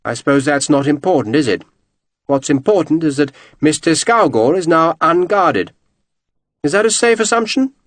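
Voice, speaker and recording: Suave renegade officer, mocking, cheerful, higher lilting voice, as a man reads him. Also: expressive, normal speed, dry recording, lightly acted. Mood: amused, urbane.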